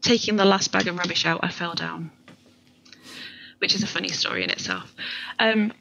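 A woman's voice: fairly low pitch, normal speed, creaky, muffled recording, background noise. A woman in her thirties, a podcast guest talking at length in a chatty, rambling, self-deprecating way. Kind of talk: casual conversation.

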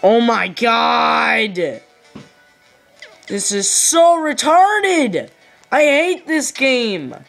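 A woman playing a platform game and yelling frustrated complaints and curses at it. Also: a little high, big pitch swings, very slow, vocal fry, soft background music. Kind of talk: rage gameplay commentary.

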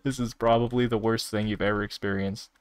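A man streaming a virtual world game, reacting out loud in casual commentary with laughs and exclamations. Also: fairly even intonation, a little fast. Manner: laughing, exclaiming, sudden high squeals. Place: at home at a desk.

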